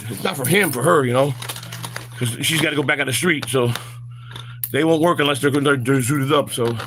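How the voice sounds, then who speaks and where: A man's voice: medium pitch, brisk, background noise. A man hosting a walk-and-talk vlog outdoors, rambling with lots of fillers and stammered repeats, recorded on a handheld phone. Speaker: vlog host.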